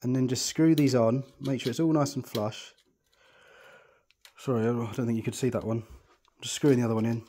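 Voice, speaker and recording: A man's voice: mid-range voice, fairly even intonation, fairly quick, dark tone. A man explaining telescope setup step by step while he works, chatty and reassuring, often thinking aloud. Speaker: telescope tutorial presenter. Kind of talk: hands-on setup tutorial.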